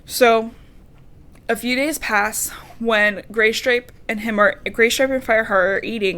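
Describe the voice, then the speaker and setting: A woman co-hosting a podcast, recapping a book in casual, animated chat, laughing and swearing casually. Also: on the high side, a little slow. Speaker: podcast co-host.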